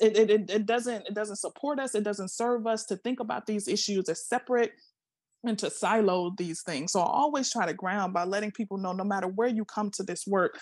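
Woman, seminar speaker, emphatic, repeats words, slightly husky, dry sound. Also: mid-range voice, a little mellow, no echo. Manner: emphatic, repeats words, asks rhetorical questions. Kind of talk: passionate seminar talk.

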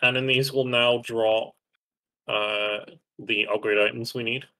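Bright-voiced young man giving bossy game instructions. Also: mid-range voice, steady tone, unhurried. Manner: bossy, instructing, swears when frustrated. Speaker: streamer. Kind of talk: live gameplay chat.

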